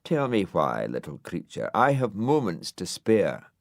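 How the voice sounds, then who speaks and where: A man's voice: sits low, huge pitch swings, a little slow, gravelly, dry recording, studio quality, full character voice. A man voicing a pompous, self-important male dog in a storybook, speaking in a lofty manner.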